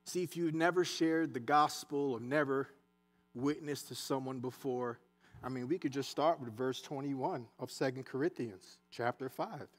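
A man preaching a sermon in a church, animated and conversational, with asides and dialect. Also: mid-range voice, moderate pace, soft background music. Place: church sanctuary.

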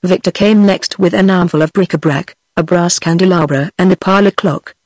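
A computer-generated woman's voice with a British accent, reading a fairy tale aloud in an even synthetic manner. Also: fairly low pitch, normal speed, no room sound. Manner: even synthetic reading of all parts in one voice. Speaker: narrator. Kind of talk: text-to-speech audiobook reading.

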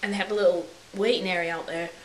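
A woman's voice: lowish voice, steady tone, fast. A young woman vlogger rambling through a story in a put-on English accent, acting out quotes in silly voices. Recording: echoey room with faint hiss.

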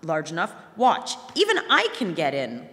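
A woman reading aloud voices a wicked, greedy old witch with a shrill, commanding voice. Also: huge pitch swings, moderate pace, a bit bright, full character voice. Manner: raised, barking commands. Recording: long hall reverb.

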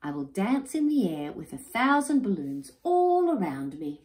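A woman voicing a lonely thousand-year-old male dragon, high and wailing as he sobs. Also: very animated, a little slow, a little mellow, slight background noise. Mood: dreamy. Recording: roomy echo.

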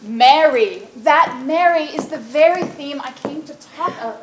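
Woman as a formal, declaiming noble mother, high voice, roomy stage sound. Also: animated, unhurried, background noise. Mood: persuasive. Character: stately noble mother urging marriage. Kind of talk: amateur stage acting.

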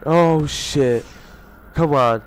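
A man's voice: a little high, drawn-out words, heavy background noise. A young man giving gameplay commentary, frustrated and swearing, with sudden yelps between muttered remarks. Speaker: gamer.

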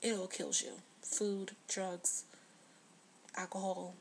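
A woman in her twenties talking earnestly to the camera in a confessional video diary, sometimes dropping to a hush. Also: on the low side, little pitch movement, takes it slowly, creaky, slight background noise. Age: 20s. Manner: earnest, heartfelt, drops to a hush at times. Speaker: vlogger.

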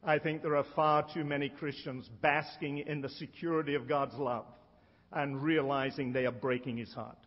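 Middle-aged guy preaching, emphatic, slows down to hit the big points, long echo, kinda muffled sound. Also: fairly high pitch, flat delivery. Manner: emphatic, slows down to stress key lines. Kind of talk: sermon. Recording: dull sound with long hall reverb.

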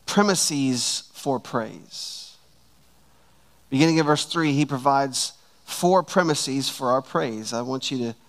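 A man preaching a sermon to his church, slow and emphatic, stretching out key words. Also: medium pitch. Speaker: pastor.

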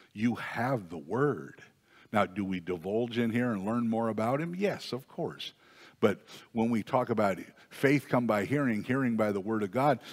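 A man preaching a sermon as pastor in a conversational way, rising to emphatic peaks. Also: fairly low pitch. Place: church sanctuary. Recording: long church reverb.

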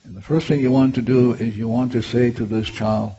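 A man's voice: medium pitch, fairly even intonation. Man guiding meditation in dull lo-fi clip. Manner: slow, gentle guiding. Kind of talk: guided meditation. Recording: dull lo-fi clip with faint hiss.

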